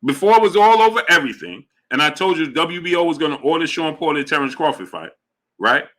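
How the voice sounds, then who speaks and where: Fast and fairly high-pitched, this boxing show host answers his livestream chat in a loose, casual manner. His bright, forceful voice carries an animated, emphatic delivery, and he frequently repeats points to drive them home.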